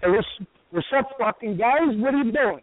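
A man voicing a brash, hot-tempered Italian-American caller who swears and yells insults, in a radio comedy bit. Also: extremely high pitch, lively intonation, moderate pace, dry recording. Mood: belligerent. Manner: profane, aggressive, shouting insults. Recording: tinny dry phone line.

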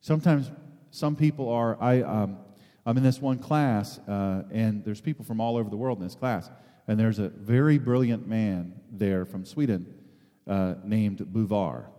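A man's voice: lowish voice, a little slow, dark tone, in a large hall. A man giving an informal, conversational sermon as a preacher, rambling with many restarts and asides.

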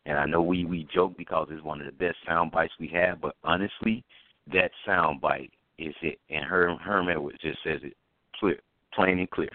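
Deep-voiced co-host on a tinny line. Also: male voice, steady tone, normal speed, no echo. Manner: earnest, repetitive emphasis. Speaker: podcast co-host. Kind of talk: casual sports talk. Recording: dry, phone-like line.

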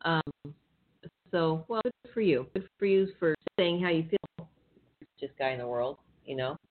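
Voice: mid-range voice, animated, normal speed, a little hiss or hum. A radio show host who reads out news items and then riffs on them casually, with swearing and laughter. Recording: tinny phone-like sound.

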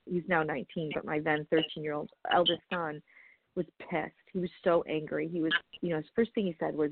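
A woman's voice: sits low, fairly even intonation, moderate pace, vocal fry, background noise. A woman in her forties, a guest advocate, telling her story frankly and with animation in a podcast interview. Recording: phone-line audio.

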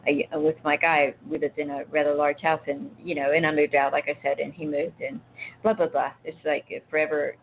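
A woman talking casually about faith as an intuitive reader, telling rambling, chatty stories full of asides. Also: low-pitched. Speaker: intuitive reader and spiritual speaker. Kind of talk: casual spiritual talk to viewers. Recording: tinny phone-like sound with faint noise.

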